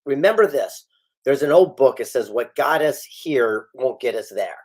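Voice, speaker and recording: A middle-aged man in an interview, telling his stories with plenty of life. His voice sits at an ordinary pitch, and he throws himself into the people he quotes, jumping higher and louder at the exciting moments. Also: normal speed. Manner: animated storyteller acting out quoted dialogue. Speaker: guest author and speaker. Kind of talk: storytelling interview.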